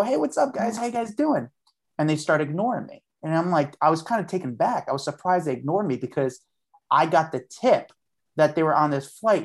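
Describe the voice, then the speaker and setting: A man as a podcast guest, a street journalist telling a story in a chatty way and acting out what he said at the time. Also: fairly high pitch. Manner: chatty, acts out his own past lines. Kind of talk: casual storytelling.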